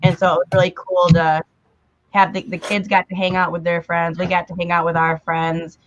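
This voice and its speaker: A woman from the United States co-hosting a casual live stream, telling her story in a relaxed way. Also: lowish voice, moderate pace. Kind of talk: casual chat. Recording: dull lo-fi remote audio.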